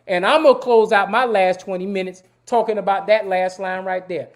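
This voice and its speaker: A man's voice: sits high, steady tone, a little fast, few pauses. A middle-aged man hosting a live-stream talk show, speaking in an emphatic, preachy way, repeating words and calling out to viewers as y'all. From Savannah, Georgia, US. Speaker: host.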